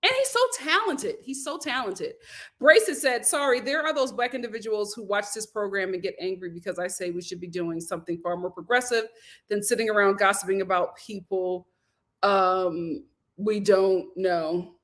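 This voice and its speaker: A woman's voice: mid-range voice, normal speed. A woman hosting a casual livestream, reading viewer comments aloud and laughing often as she answers them. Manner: laughs often, talks back to chat. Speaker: host reading live chat.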